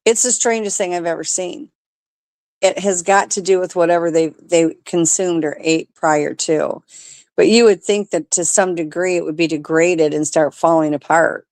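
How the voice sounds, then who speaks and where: A woman on a radio talk show lays out her view in a confident, conversational way. Her voice sits slightly low for a woman. The sound is dry, with little room around it. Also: fairly even intonation, normal speed, a little mellow, no echo. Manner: confident, explanatory.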